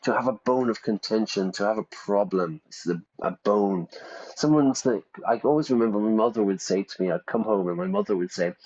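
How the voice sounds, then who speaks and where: A low-voiced man, an English teacher, comments on a game as he plays it. He explains vocabulary and drops joking asides. The sound is dull and lo-fi. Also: fairly quick, darkish tone. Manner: jokey, explanatory, playful asides.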